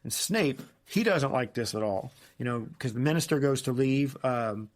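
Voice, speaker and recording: A man co-hosting a relaxed podcast, chatting about a book. His voice sits in a mid range, and he keeps dropping into quick, goofy character voices as he retells scenes. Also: medium pitch. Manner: animated, acts out quoted characters in silly voices. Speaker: podcast co-host. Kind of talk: casual book discussion.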